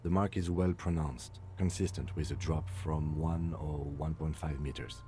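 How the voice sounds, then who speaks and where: A man playing a calm, methodical police lieutenant in a video game, dictating an autopsy in a measured, dry way. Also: extremely low pitch, slight background noise. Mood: calm, clinical. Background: faint game music.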